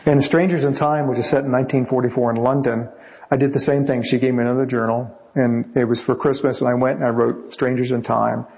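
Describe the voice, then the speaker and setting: Gravelly-voiced man telling anecdotes. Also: mid-range voice, brisk, highs cut off. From United States. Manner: animated anecdotes, acts out other people's lines. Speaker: novelist guest. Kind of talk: casual storytelling interview.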